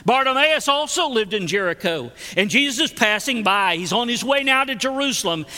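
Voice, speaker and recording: A man's voice: very high voice, expressive, fairly quick, sharp tone, long reverb tail. A man preaching a sermon, emphatic and repetitive, with folksy storytelling asides.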